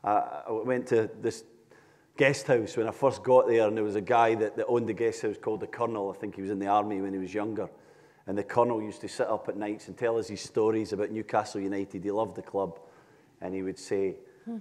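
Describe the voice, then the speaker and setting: A man's voice: lowish voice, steady tone, fairly quick, a little mellow. A man in his thirties with an English accent, a former soccer player speaking on stage in a reflective way. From England. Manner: reflective, with small restarts. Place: large hall on stage. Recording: reverberant hall.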